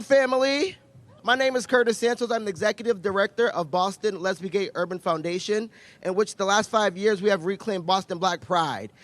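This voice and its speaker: A nonprofit director addresses an outdoor crowd with an upbeat, rallying invitation and a few ums. His voice is high-pitched, and the sound is dry and close. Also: dry recording. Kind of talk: public announcement speech at a rally. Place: outdoor city plaza event.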